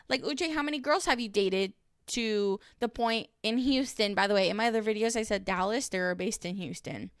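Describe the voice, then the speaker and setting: A woman's voice: a little high, fairly bright tone, clean tone, no echo, clean studio sound. A woman in her thirties recapping a reality show in a casual vlog, blunt and exasperated, swearing freely. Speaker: reaction vlogger. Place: dim room at home.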